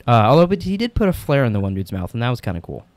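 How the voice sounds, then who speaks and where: A man's voice: mid-range voice, very animated, rapid-fire, a little mellow, no room sound. A man co-hosting a podcast, casually recapping a film's plot, laughing often and slipping into silly voices for the characters. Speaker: podcast co-host.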